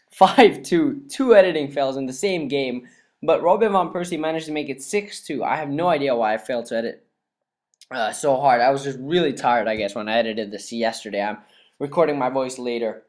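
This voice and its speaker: A young man doing voice-over commentary on a football video game, excitable and laughing often, his voice dry and cracking. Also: mid-range voice. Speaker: gaming YouTuber. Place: cold room at home.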